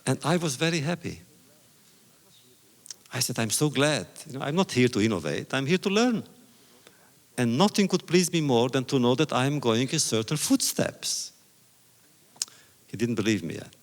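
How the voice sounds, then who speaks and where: Older male lecturer, gravelly, deliberate storyteller, echoing hall. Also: mid-range voice, animated. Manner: measured, deliberate phrasing with pauses. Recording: reverberant hall recording. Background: audience laughter.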